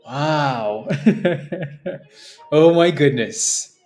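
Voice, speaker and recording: Slow-talking emotional livestream host. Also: male voice, fairly high pitch, lively intonation, darkish tone, soft background music. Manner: emotional, laughing often, halting with many fillers. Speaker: day trading livestream host. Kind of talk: casual livestream chat.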